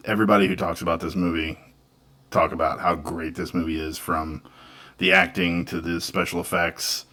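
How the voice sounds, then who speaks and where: A man's voice: low-pitched, a bit bright. A man co-hosting a casual movie review podcast. He talks candidly and laughs easily. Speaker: podcast co-host.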